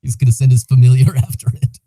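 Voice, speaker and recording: A man's voice: mid-range voice, monotone, fast talker, warm tone, no echo. A man playing a tabletop game, talking casually and animatedly, laughing often and swearing now and then. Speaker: player.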